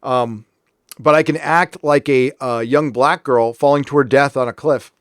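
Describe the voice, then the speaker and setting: A man's voice: medium pitch, fairly even intonation, moderate pace, clear, resonant tone, dry recording, clean studio sound. Sarcastic, heated man from California. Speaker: host. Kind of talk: casual commentary rant.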